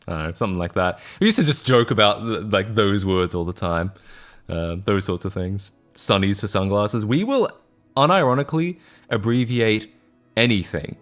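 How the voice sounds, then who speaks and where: Laid-back Australian man, low voice. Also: normal speed, soft background music. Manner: chatty and self-mocking, laughing often, answering chat. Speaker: streamer. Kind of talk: casual live-stream chat.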